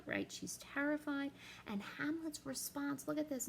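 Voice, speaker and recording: Gravelly-voiced woman teacher explaining a play. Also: high voice, normal speed, a little hiss or hum, low-quality recording. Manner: reads quoted lines aloud with lively emphasis. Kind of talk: classroom explanation of a play reading.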